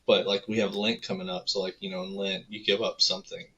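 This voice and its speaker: A man's voice: deep voice, little pitch movement, fast talker, sharp tone. A young man in casual podcast chat, telling stories in a laid-back way with lots of fillers. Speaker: podcast co-host. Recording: dull lo-fi mic.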